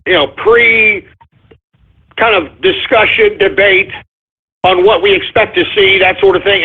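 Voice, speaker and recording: Man, radio host, high voice, tinny phone-like sound, profane ranting. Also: slightly rough. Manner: hot-tempered, profane ranting with shouted outbursts. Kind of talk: live internet radio talk, reading shout-outs.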